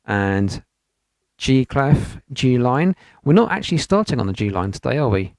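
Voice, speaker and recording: A man's voice: medium pitch, sing-song, normal speed, a little mellow, dry recording. A man from the United Kingdom teaching an online piano lesson, explaining patiently step by step and chanting rhythm syllables over the piano. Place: home studio. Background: piano playing.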